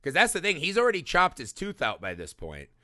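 A man with a bright, forceful voice talks through a movie in casual podcast chat. His pitch swings widely as he gets animated, tossing in "right?" constantly. The sound is dry and close. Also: a little fast, no echo. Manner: animated, swearing, frequent "right?". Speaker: podcast host. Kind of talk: casual film discussion.

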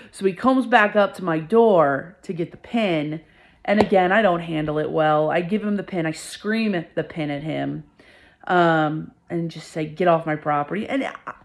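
A young woman hosts her podcast and tells a personal story in a candid, animated voice. Her pitch jumps up and down as she stresses her points and repeats words for effect. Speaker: podcast host.

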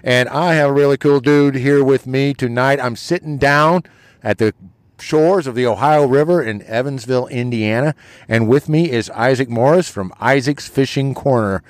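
A man's voice: medium pitch, moderate pace, no echo. A man from Eastern Kansas hosting a casual, friendly interview outdoors by a river. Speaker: podcast guest interviewer.

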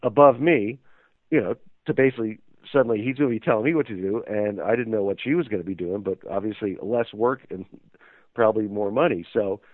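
A man's voice: lowish voice, brisk, no echo. A man telling a story as an interview guest, rambling and hesitant with many fillers. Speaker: interview guest, magazine owner. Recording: tinny phone line.

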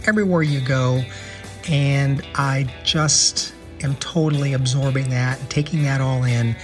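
An American man hosting a casual travel podcast, chatty and enthusiastic, often repeating words as he thinks. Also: medium pitch. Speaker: podcast host.

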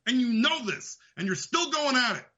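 A man's voice: very high voice, very animated, moderate pace, pushed and bright, highs cut off. A man hosting a show, delivering an angry, profane political rant. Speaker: host. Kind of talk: ranting political commentary.

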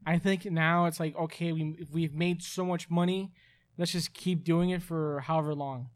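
A young man with a high-pitched voice talks in a casual chat. He rants with exasperation, stacking up repeated fillers as he goes. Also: normal speed. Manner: animated, exasperated complaints with many repeated fillers.

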